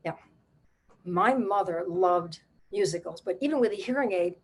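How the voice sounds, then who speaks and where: An older woman, a playwright and solo performer, telling a family story on stage in a wry, animated, conversational way. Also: fairly low pitch, normal speed, husky.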